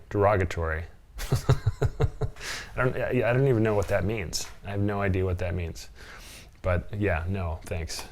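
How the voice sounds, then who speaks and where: A man reading dating profiles aloud and mocking them sarcastically with frequent chuckles, in a casual reaction vlog. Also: fairly low pitch. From from Portland area.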